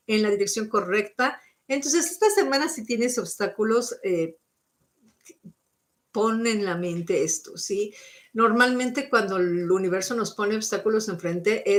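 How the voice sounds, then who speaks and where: A woman doing live-stream psychic card readings, giving coaching advice and often checking in with the listener. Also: mid-range voice. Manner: coaching, checks in with frequent "okay?"; switches between English and Spanish.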